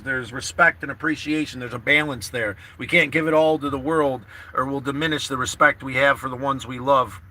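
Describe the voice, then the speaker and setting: A man's voice: mid-range voice, pushed and bright. A man chatting casually to livestream viewers from his parked car, rambling and earnest, repeating himself and swearing freely. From New York State.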